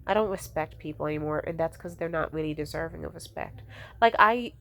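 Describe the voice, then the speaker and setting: A woman's voice: low-pitched, a little fast, creaky, a bit bright, a little hiss or hum. A young woman ranting casually, blunt and profane, exasperated, mimicking the people she complains about.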